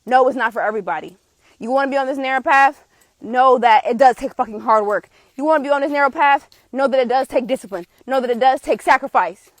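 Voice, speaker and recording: A woman, a tarot reader giving a passionate, forceful live spiritual reading with blunt swearing. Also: high-pitched, fast, dry recording. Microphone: streaming setup.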